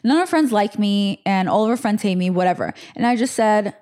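A woman's voice: medium pitch, fairly quick, hardly any pauses. Young woman host rambling through a story, chatty, lots of likes. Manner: chatty, animated retelling with fillers. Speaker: podcast host. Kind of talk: casual storytelling.

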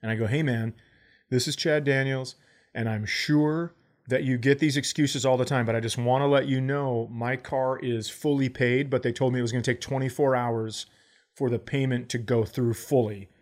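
On a podcast, a comedian in his forties chats casually through a comic tale, performing both halves of the dialogue himself. He speaks at a moderate pace with a medium pitch and fairly even intonation.

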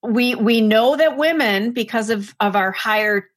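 Female podcast co-host, former radio voice, measured and polished, conversational. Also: a little high. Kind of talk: casual conversational chat.

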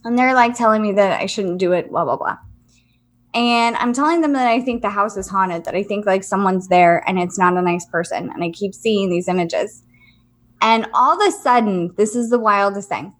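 A young woman co-hosting a podcast, telling a spooky story in a casual, animated way, laughing often and swearing. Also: mid-range voice, normal speed. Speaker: podcast co-host.

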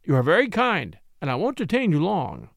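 Guy reading a friendly young lawyer, a bit higher and lively, very polite, audiobook. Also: brisk, creaky, no echo, clean studio sound, exaggerated voice. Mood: genial. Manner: genial, amiable, polite. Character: genial young male lawyer stuck up a ladder.

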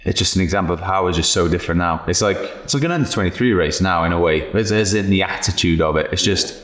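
Male podcast host, low-pitched, loose storyteller who swears, in a roomy space. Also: fast talker, a bit bright. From Wales. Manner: jokey, swears freely, tells anecdotes. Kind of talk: casual podcast chat.

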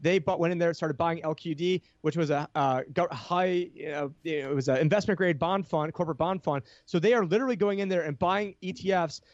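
A man's voice: fairly high pitch, fairly quick, few pauses, no echo, dull audio. A man talking as a podcast guest, explaining finance with heated energy and many restarts. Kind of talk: casual podcast chat.

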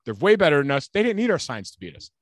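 A man's voice: on the high side, very animated, fast, dry recording. Guy ranting hard on a podcast, swears a lot, dry close sound. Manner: heated, profane ranting with mocking quotes. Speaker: podcast co-host. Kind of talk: ranting casual chat.

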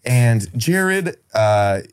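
Animated young man telling a story. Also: mid-range voice, extremely slow, clean tone. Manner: animated storyteller, acts out friends' lines, laughs often. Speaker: podcast guest. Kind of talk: casual storytelling chat.

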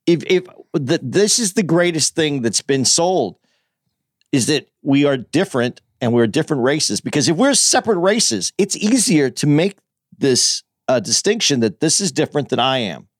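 A man's voice: fairly high pitch, very animated, moderate pace, no room sound, studio quality. Earnest man making a point in chat. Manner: earnest, explaining his views with frequent restarts. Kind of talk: casual chat.

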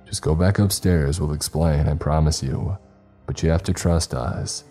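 A man voicing a calm young man who speaks in a warning tone in a horror story. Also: a bass voice, measured pace, soft background music.

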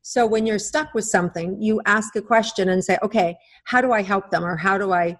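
Gentle coaching woman psychic guest. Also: medium pitch, brisk. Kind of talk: podcast interview.

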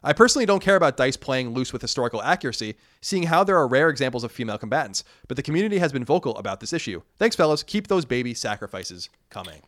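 A man talks fast in a casual podcast chat, his pitch jumping around with energy. He reads out listener mail and riffs on it. The sound is dry and close. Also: dry recording. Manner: lively, quick and talkative.

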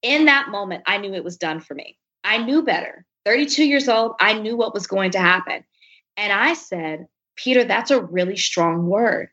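A woman's voice: medium pitch, normal speed. A woman guest on an interview podcast, telling a personal story candidly and animatedly, acting out the lines of other people. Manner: animated, acts out quoted speech. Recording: dull lo-fi recording.

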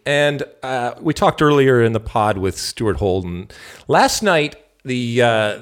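A man's voice: medium pitch, fairly bright tone. A middle-aged man from the United States hosting a soccer podcast, with an emphatic, playful showman delivery. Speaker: podcast host. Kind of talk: casual soccer podcast chat.

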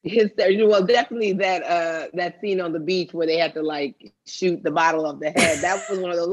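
A woman, an actress and comedian, chatting casually in an interview and acting out quotes with lively jumps in pitch. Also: a little fast, few pauses, husky. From Nigerian family, raised in America. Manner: animated storyteller, acts out quotes with big pitch jumps and laughter. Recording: dull lo-fi dry sound.

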